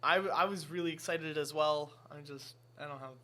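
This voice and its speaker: A man's voice: fairly high pitch, fairly even intonation, a little fast, sharp tone. A young man hosting a casual chat, rambling and self-deprecating, laughing often as he talks. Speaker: podcast host.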